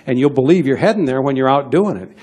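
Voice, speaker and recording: A man's voice: mid-range voice, lively intonation, quick pace, darkish tone, breathy edge. A middle-aged man giving a punchy, direct motivational sales talk to an audience, coaxing them and acting out little sales dialogues. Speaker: sales trainer.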